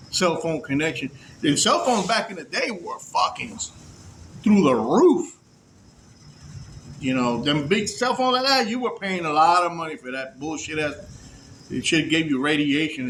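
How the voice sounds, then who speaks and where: A man with a fairly high voice tells a story casually, animated and full of swearing. He acts out the voices of the people he met. Faint room ambience sits behind him. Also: slight background noise. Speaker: storyteller recounting prison release.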